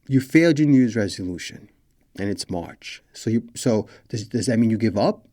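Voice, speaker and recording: A man's voice: lowish voice, expressive, a little fast, dark tone. A man hosting a motivational podcast as a coach, talking emphatically and directly to listeners, repeating his points, asking them questions and swearing now and then. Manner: casual with mild swearing.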